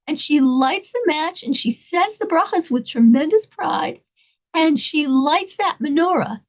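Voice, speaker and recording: Woman, inspirational storyteller, high voice, animated, dramatic. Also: measured pace. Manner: animated, dramatic, laughing often.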